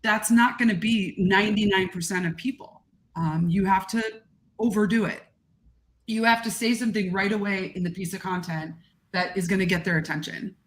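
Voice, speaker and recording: Chatty expressive woman, guest on a podcast, talks with lots of ups and downs. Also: mid-range voice, normal speed. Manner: gregarious, animated, expressive talker. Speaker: guest content creator. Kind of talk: casual podcast chat.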